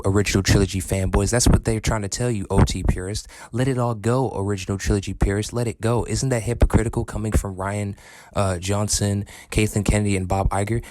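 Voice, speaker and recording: A man's voice: fairly low pitch, a little mellow, no echo. A man ranting in an angry, profane and sarcastic way in a commentary video. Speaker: film commentary vlogger.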